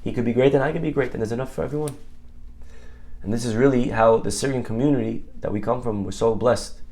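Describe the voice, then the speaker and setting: A rabbi delivering a sermon in a middle-pitched male voice. He tells stories in a loose, conversational way, breaking off to check details with his listeners. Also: fairly even intonation, fast, a little mellow. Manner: storytelling, conversational with asides and audience questions.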